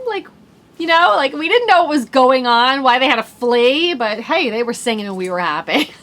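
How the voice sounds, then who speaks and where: A woman's voice: on the high side, fairly bright tone, slight background noise. A woman in her thirties hosting a podcast, talking in a bubbly, chatty way and saying "like" a lot. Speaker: podcast host. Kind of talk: casual chat.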